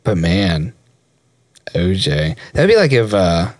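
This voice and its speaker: A man's voice: low voice, very animated, slow, no echo, clean studio sound. Rambling, laughing young man. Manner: rambling, laughing often, swearing. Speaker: podcast co-host. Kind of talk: casual chat.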